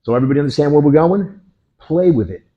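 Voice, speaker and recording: A man teaching a martial arts class, walking students through a technique and punctuating moves with "boom" and "bang.". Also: lively intonation, fast talker, slightly rough, lo-fi sound. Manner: punchy, with sound effects like boom and bang. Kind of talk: hands-on technique demonstration.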